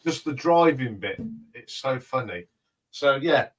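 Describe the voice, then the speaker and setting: A man telling stories lively in a casual livestream panel chat, laughing as he goes. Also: mid-range voice, unhurried, far from the mic, rough recording. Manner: lively storyteller who laughs while talking.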